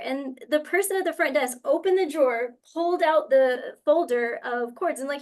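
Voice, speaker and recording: A woman's voice: high voice, moderate pace, few pauses. Young woman telling a heartfelt personal story. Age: young adult. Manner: heartfelt and animated, with many fillers. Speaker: webinar panelist from a university career center. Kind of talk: personal story in a webinar panel.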